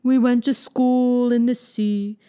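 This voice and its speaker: A woman's voice: a little high, level tone, mellow, voice pushed up. Woman doing a mournful sighing Mock Turtle. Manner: slow drawn-out sighing delivery, sometimes breathy whisper. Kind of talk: audiobook character reading.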